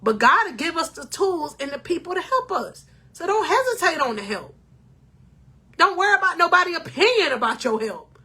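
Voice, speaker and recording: Woman, high voice, bright, spiritual life coach, motivational talk to camera, emotional and preachy. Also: very animated, normal speed. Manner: emotional, preachy, addresses viewers as king or queen.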